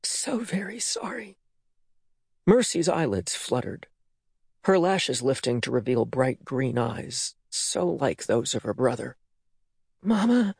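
Expressive male audiobook narrator. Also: medium pitch, a little slow, gravelly, husky, no echo, clean studio sound. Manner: expressive, dramatic reading. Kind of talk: scripted narration.

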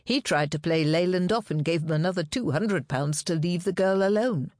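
A woman voicing a bold, cheerful female private detective in an audiobook, with a brisk, sarcastic manner. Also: lowish voice, darkish tone, no echo, studio quality, close to an everyday voice. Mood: explaining.

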